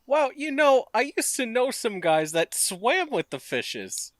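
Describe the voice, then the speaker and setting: A gruff, streetwise male wooden puppet, as a man puts him on drawls his words slowly in a clipped tough-guy way. The voice is bright, and the mic is close and dry. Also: very high-pitched, very animated, no room sound, full character voice. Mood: wry. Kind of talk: in-character play.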